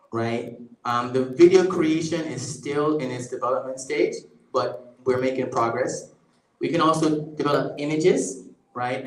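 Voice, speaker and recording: A man giving a conversational public lecture with a live demo, often checking in with the audience. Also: medium pitch. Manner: conversational, keeps checking in with "right?". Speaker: guest lecturer. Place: event space at a museum. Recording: echoey lecture room.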